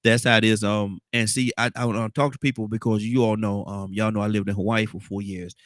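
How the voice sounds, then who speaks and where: A man's voice: lowish voice, level tone, fairly quick, slight background noise. A man hosting a casual morning talk show, repeating greetings and stumbling through restarts. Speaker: host.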